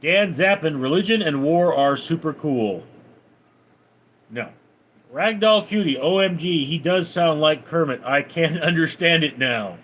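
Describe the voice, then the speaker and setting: A man's voice: fairly high pitch, animated, unhurried, a bit bright. A man livestreaming, reading viewers' names and comments aloud, then answering them offhand. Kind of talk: reading out and answering live chat.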